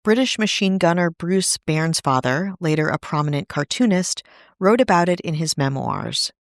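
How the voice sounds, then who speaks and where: A woman's voice: lowish voice, animated, moderate pace, no room sound. Woman host, scripted history narration, wry asides, dry close mic. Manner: wry asides in a serious telling. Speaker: podcast host.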